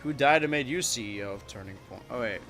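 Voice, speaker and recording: A man streaming a kart racing game, rambling and joking to his chat with sudden excited yelps. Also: medium pitch, quick pace, faint music behind. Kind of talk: live-streamed gameplay commentary.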